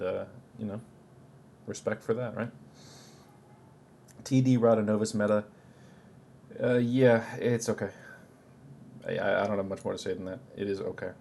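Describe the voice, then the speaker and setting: Swearing freely, a man gives his blunt, opinionated take on where a game's locations fall in his tier list, speaking casually as a gaming video creator. He has a gravelly, mellow voice on the low side, with slight background noise in the recording.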